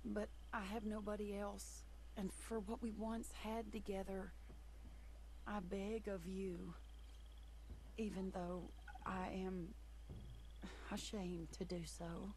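A woman's voice: mid-range voice, little pitch movement, slow pace, darkish tone. A wistful, regretful young woman pleading with an old flame, her voice earnest and sincere as she reads out her letter in a video game scene. Faint noise hums under the voice. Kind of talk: video game voice acting, letter read aloud.

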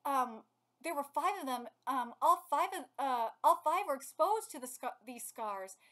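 A woman's voice: high voice, animated, moderate pace, fairly bright tone. A woman reading aloud as a vain, narcissistic old male school principal, pompous and self-admiring.

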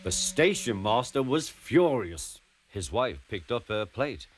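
Man narrating a children's story, lively pitch, mid voice, faint music behind. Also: takes it slowly. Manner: clear, expressive storyteller.

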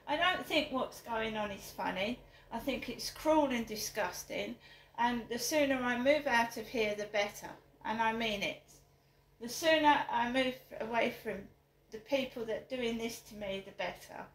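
A middle-aged woman rants to camera in her flat, her voice sitting a little high. She is indignant and emphatic, hammering her points home by repeating them. The room around her rings with a noticeable echo. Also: normal speed. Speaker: vlogger. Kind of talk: angry personal vlog rant.

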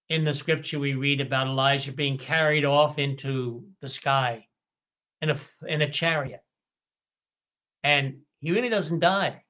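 Bright-voiced priest explaining scripture. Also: male voice, mid-range voice. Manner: slow, deliberate explanation with stretched emphasis on key words; occasional stumbles and self-corrections. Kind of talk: scripture study lecture.

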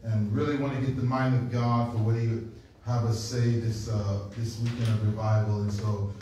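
A man's voice: on the low side, level tone, normal speed, background noise. A man preaching a revival sermon as a guest preacher. He tells a personal story in a conversational way, with chuckles, fillers and restarts. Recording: echoey church hall, far from mic.

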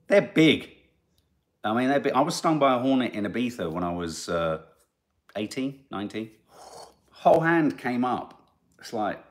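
A middle-aged man hosting a podcast, reading out listener comments and telling rambling, animated stories. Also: fairly low pitch. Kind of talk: casual chat.

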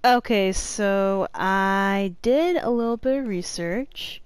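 A woman narrating a horror game as she plays, swearing a lot and moving from flat muttering to panicked yelps. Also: mid-range voice, slow pace, clear, resonant tone, no echo. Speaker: gamer. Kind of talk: let's play commentary.

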